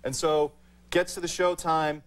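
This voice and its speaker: A man, a comedian guest, telling a deadpan anecdote with many fillers in a TV studio. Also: on the high side, measured pace, clear, resonant tone. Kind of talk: talk-show anecdote.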